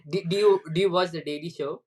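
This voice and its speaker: A man's voice: a little high, normal speed. A man on a casual coaching call, answering in a laid-back, slangy way. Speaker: caller being coached.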